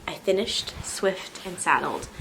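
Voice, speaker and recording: A young woman vlogging casually at home, talking candidly and with animated asides. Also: on the low side, a little slow, vocal fry, echoey room, a little hiss or hum, rough recording. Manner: candid, animated, self-deprecating. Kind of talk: casual chat to camera. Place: home living room.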